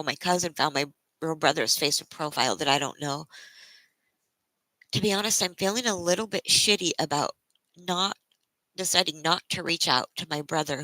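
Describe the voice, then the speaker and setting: Give me a weary woman on a livestream, fighting back tears, her voice bright and tense. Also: low-pitched, no room sound, low-quality recording. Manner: halting, emotional, restarting sentences. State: close to tears; tired from a sleepless night. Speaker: livestreamer greeting viewers. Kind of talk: casual live-stream chat.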